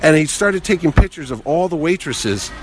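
A middle-aged man telling a long anecdote in a casual way, animated and acting out other people's lines. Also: fairly high pitch, normal speed, slight background noise. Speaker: guest telling stories.

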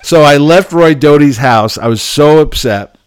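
A man in his fifties hosting a show, telling casual stories and acting out the people in them, combative and quick with a comeback. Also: a little high, clear, resonant tone. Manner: self-described belligerent, quick with comebacks. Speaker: podcast host. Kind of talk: casual storytelling.

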